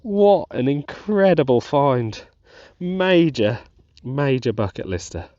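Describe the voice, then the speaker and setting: A man narrating his metal detecting dig to viewers, giddy and breathless with excitement. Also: deep voice, a little slow, no echo, highs cut off. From England. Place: outdoors in a field.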